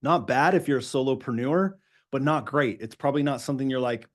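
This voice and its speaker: A middle-aged man, a business coach, leading a live online coaching session. He talks fast and keeps asking his audience questions. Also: medium pitch.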